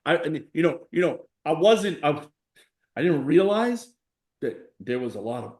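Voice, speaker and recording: A man in his forties speaks as an interview guest with a somewhat raised pitch. He tells his stories with emphasis and slips into the voices of the people he quotes. The room adds a noticeable echo around him. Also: moderate pace. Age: 40s. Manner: emphatic, animated storyteller acting out quoted voices. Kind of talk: conversational storytelling interview.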